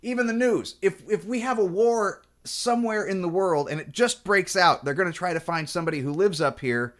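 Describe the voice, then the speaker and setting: A man's voice: sits high, a little fast, a bit bright. A man with a Pacific Northwest accent chatting casually about guitars in a digressive way, full of restarts and fillers. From Washington State. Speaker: guitar vlogger. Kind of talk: rambling casual chat.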